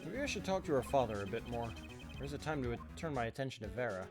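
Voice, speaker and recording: Man thinking aloud over loud game music. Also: mid-range voice, sing-song, quick pace. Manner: thinks aloud about next moves. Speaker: game player. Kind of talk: casual play-through chat.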